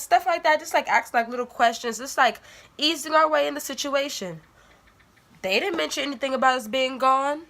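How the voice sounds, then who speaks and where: Bright-voiced young woman telling a story. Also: high voice, a little fast. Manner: animated, dramatic retelling with many "like"s. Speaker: vlogger. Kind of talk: casual storytime.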